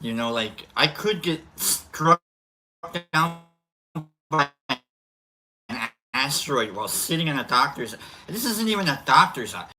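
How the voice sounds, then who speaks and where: A man with a fairly high, bright, forceful voice hosts a casual live stream. He chats between bites of food and drifts into loose, joking stories. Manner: rambling, jokey storytelling; talking while eating.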